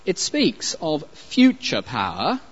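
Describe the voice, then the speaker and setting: A man preaching a sermon, emphatic and animated, with pauses and light asides. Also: a little high, breathy edge. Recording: dull lo-fi recording.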